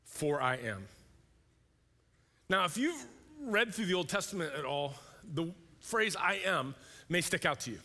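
A male pastor preaching a sermon in a conversational, animated way, sometimes acting out voices. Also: high voice, normal speed. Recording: long hall reverb.

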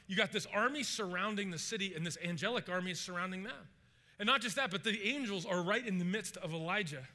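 Animated high-voiced man preaching. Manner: animated storytelling, acts out characters' panic, asks the congregation questions. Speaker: pastor. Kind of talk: sermon.

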